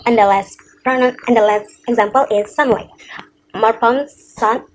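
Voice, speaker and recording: A young woman presents a class assignment in English. She reads from her notes at an unhurried pace and steps through each example in turn. Her voice sits a touch high, with a faint hiss behind it. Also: fairly even intonation, a little mellow, poor audio. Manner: slow, deliberate, listing examples one by one. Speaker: student presenter.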